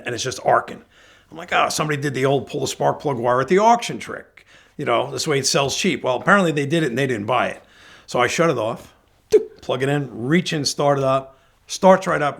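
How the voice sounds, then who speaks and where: A middle-aged man with a gravelly, husky voice tells a story in a loose, chatty way. He acts out what each person said, switching between his own lines and theirs. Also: medium pitch, fairly bright tone. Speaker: guest storyteller. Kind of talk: casual anecdote telling.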